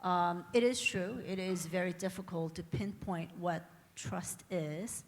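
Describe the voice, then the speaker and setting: A woman's voice: lowish voice, fairly even intonation, a little slow. Female panelist and lawyer, articulate and explanatory, in a reverberant conference hall. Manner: articulate, uses frequent tag "right?". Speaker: panelist, lawyer at a tech company. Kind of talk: panel discussion remarks.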